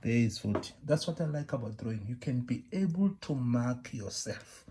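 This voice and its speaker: A man's voice: mid-range voice, expressive, moderate pace, warm tone, breathy edge. A man with a South African accent teaching technical drawing step by step. He repeats phrases, keeps asking whether students understand, and scolds common mistakes. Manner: repeats phrases, asks "you understand?" often. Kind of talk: classroom demonstration lesson.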